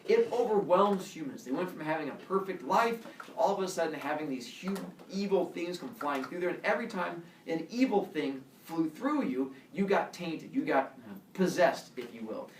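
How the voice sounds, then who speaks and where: Animated male teacher telling a myth. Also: on the high side, normal speed, distant mic, slight background noise. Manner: animated, acts out every voice. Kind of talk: animated myth storytelling to a class. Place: classroom. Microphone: camera across the room. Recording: roomy classroom heard from afar.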